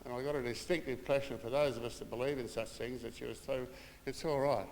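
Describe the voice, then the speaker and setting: An older son with an Australian accent talks fast in a creaky, slightly mellow voice of medium pitch and fairly even intonation, eulogizing his mother. His family stories, complete with imitated voices and chuckles, echo at length through a small funeral room, with slight background noise.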